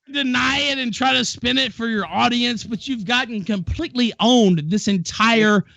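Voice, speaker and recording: High gravelly man yelling insults. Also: moderate pace, no echo, dull audio. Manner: aggressive, yelling, profane insults. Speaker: talk show host in a debate. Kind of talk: heated live-stream debate.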